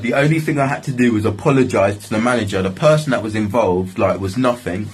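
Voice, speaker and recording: A young man spins a casual story, full of swearing and filler phrases. His voice sits on the low side and has a husky, breathy grain. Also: quick pace, hardly any pauses, rough recording. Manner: swearing, rambling, repeats "like, literally". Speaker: vlogger telling a story.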